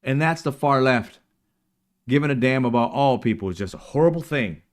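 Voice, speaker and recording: A man's voice: mid-range voice, expressive, moderate pace. A man hosting a casual political livestream, talking emphatically and mocking his opponents in put-on quotes. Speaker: political commentary show host.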